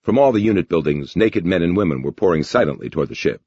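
A man narrating an audiobook with lively, expressive storytelling in a dull lo-fi recording. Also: sits low, quick pace, slightly rough, no room sound.

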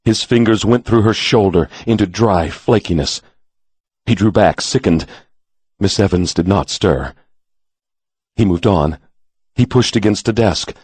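Deep husky male storyteller. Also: darkish tone, no echo. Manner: measured, dramatic storytelling. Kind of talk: audiobook narration.

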